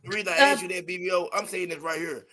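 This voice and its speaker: A man's voice: high voice, fast talker, pushed and bright. A man hosting a heated sports talk debate, pressing his point and cutting in with the other guest's name.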